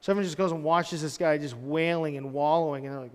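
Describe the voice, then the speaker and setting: A man's voice: a little high, fairly even intonation, fast talker, long reverb tail. A pastor in his thirties giving a casual, storytelling sermon, full of loose conversational asides. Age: 30s. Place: church hall.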